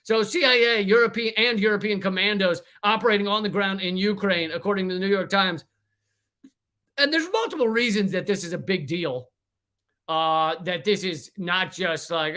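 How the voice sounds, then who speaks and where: A man hosting his own livestream, ranting in a casual, profane and joking way from a warm room with no fan running. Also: high voice, normal speed. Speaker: livestream host. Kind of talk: casual political livestream rant. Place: hot room without a fan.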